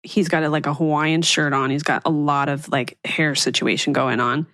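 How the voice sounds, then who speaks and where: A woman's voice: low voice, fairly even intonation, moderate pace, a bit bright, no room sound, studio quality. A woman podcast host from the Philadelphia suburbs with a light local accent, chatting casually and laughing often. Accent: Philadelphia area. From Chester County, Pennsylvania. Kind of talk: casual chat.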